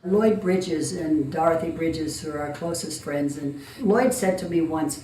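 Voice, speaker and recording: A woman's voice: low-pitched, unhurried, few pauses, dark tone, a little hiss or hum. An elderly woman in her eighties, a veteran actress, telling anecdotes in a blunt manner. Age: 80s. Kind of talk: interview anecdote. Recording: echoey, from far off.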